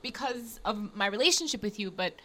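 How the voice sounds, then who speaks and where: A woman's voice: medium pitch, expressive, a little fast, bright, forceful tone, slight background noise. A woman in a casual podcast chat, tearful, emotional and apologetic. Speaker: podcast guest.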